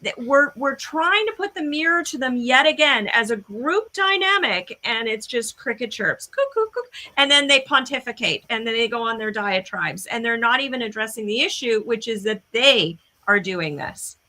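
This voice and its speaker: Bright, animated woman co-host. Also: a little high, moderate pace, hardly any pauses. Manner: animated, searching for words. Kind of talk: casual podcast discussion.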